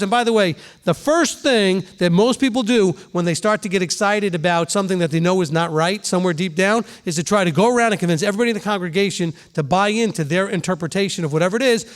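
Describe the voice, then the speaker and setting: High-voiced man preaching conversationally. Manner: conversational preaching, asks the room questions, voices quick examples. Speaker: rabbi teaching a congregation. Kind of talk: sermon.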